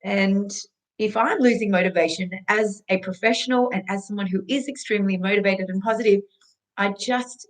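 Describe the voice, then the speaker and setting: A woman's voice: medium pitch, normal speed, rough recording. Australian woman, fitness instructor, earnest, tearful, heartfelt personal vlog. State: tearful, emotional.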